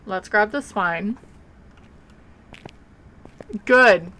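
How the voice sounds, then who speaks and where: A woman's voice: medium pitch, extremely slow, sharp tone. A woman streamer chatting casually while playing a game, rambling and blunt, with offhand swearing. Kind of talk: casual live game commentary.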